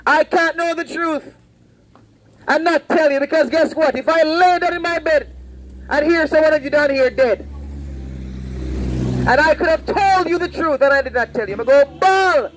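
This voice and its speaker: A man's voice: extremely high pitch, moderate pace, pauses often, rough recording. A man preaching outdoors on a roadside, fervent and repetitive, warning and pleading with passersby. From Saint Vincent. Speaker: street preacher. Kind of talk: open-air preaching.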